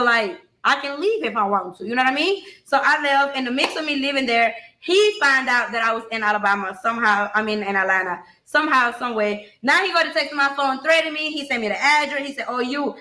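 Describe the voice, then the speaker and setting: A woman's voice: high voice, lively intonation, brisk, pushed and bright, reverberant. A woman telling her own story bluntly and emotionally, swearing freely and talking straight to her listeners.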